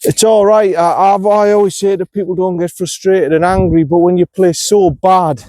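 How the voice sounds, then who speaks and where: High-voiced with a dark tone, this man speaks at a moderate pace with fairly even intonation on a dry recording. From North East England, he's vlogging a golf round outdoors, narrating every shot and irritated with how he's playing, frustrated and hard on himself.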